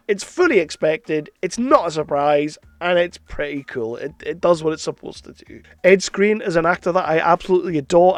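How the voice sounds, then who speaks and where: High-voiced man giving a frank film review. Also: darkish tone, no room sound. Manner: opinionated, chatty, frank. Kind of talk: casual spoken film review.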